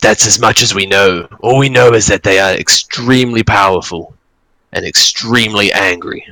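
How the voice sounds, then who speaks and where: A man voicing a vengeful, scornful male dragon with a snarl, low and gravelly. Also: sharp tone, no room sound, poor audio. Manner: snarling, contemptuous, slow and grand.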